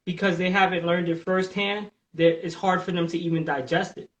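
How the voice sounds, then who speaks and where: A man's voice: sits high, normal speed, low-quality recording. A man hosting a casual live podcast, talking bluntly with plenty of profanity and pulling others in with questions. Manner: blunt, profane and animated, drawing listeners in with questions. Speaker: podcast host.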